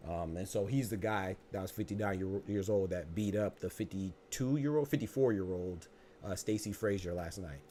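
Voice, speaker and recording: A man's voice: deep voice, normal speed, mellow, a little hiss or hum. A man hosting a live boxing podcast, reading chat comments and joking around with loose, profane mock anger and speech.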